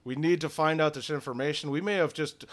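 GM playing a stern adviser in a tabletop game, firm and emphatic, slightly high. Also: male voice, fast talker, close to an everyday voice. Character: stern, pragmatic man at a leader's side.

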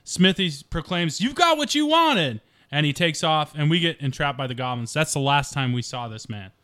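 A man at a tabletop game recounts the story casually, stumbling now and then. His voice is bright and sharp and sits slightly high. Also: fairly even intonation, fairly quick, clean tone. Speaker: player.

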